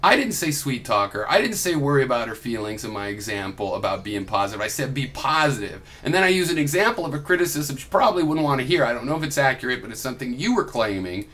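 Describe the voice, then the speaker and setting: A man's voice: medium pitch, animated, fast, few pauses, a bit bright. A young adult man recording a heated reply vlog, ranting in a combative, sarcastic and profane way. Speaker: video blogger.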